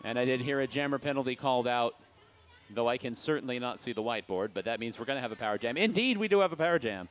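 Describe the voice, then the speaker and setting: A man's voice: mid-range voice, expressive, quick pace. A man announcing a roller derby bout live, chatty with asides and jokes, calling out to the crowd. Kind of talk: live sports commentary.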